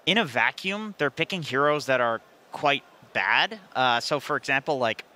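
A man's voice: mid-range voice, expressive, moderate pace, pushed and bright. A man analyzing esports picks on a live panel in a joking, rambling, self-deprecating way.

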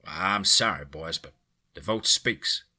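A man voicing a gruff small-town male leader who gives slow, firm commands. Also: deep voice, pushed and bright, heavily acted. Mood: stern.

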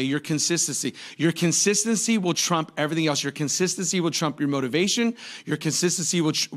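A pastor in his forties preaches a sermon, telling jokey stories that break into sudden high-pitched outbursts. His tone is fairly bright.

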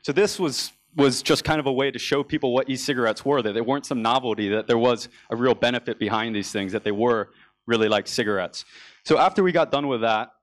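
A man's voice: mid-range voice, fairly quick, dry recording. Young American man giving a dry business talk. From United States. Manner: casual storytelling with frequent restarts. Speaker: conference speaker. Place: conference stage.

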